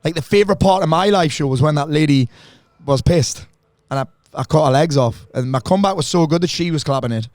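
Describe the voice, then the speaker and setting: A man's voice: fairly high pitch, a little mellow, no room sound, clean studio sound. A man, hosting a podcast in casual banter, joking and swearing freely. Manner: swearing, joking, fast chatter. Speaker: podcast host.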